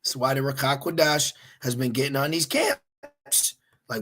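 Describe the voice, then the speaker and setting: A man teaching his listeners informally while searching online, animated and exhorting, repeatedly checking with "okay?". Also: medium pitch, measured pace. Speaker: religious teacher.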